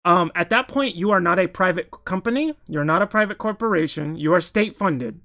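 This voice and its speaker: A man's voice: sits high, fairly quick, bright, forceful tone. A man giving casual political commentary while reacting to news articles, opinionated and heated, often restarting his sentences mid-thought.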